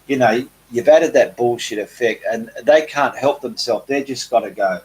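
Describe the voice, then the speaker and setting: A man hosting a relaxed live painting Q&A, reading viewer comments aloud in a chatty way with frequent ums. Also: medium pitch, normal speed, few pauses, slight background noise, poor audio. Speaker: painting channel host.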